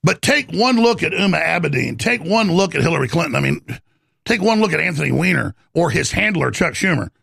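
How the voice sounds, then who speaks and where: Man, talk show host, ranting monologue, slightly higher voice, dead-dry sound. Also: sing-song, fairly quick, vocal fry, fairly bright tone, husky, no echo. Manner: rambling, heated, conspiratorial.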